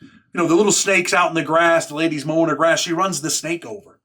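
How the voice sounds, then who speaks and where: Brief: New man, blunt and streetwise, slightly high-pitched storyteller. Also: fairly quick, fairly bright tone. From New York. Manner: blunt, profane, street talk. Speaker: YouTuber recounting prison life. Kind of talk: casual storytelling monologue.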